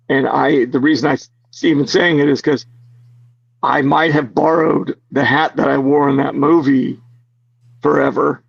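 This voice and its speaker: A man being interviewed as an actor guest, telling stories in an animated way, laughing often and full of fillers. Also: a little high, vocal fry, slightly rough, no room sound, highs cut off. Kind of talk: casual interview storytelling.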